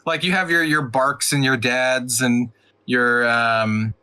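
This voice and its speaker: Man from the united states, bright lively voice, chatty, laughs a lot, casual swearing. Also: medium pitch, takes it slowly, clean tone. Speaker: podcast co-host. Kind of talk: casual chat.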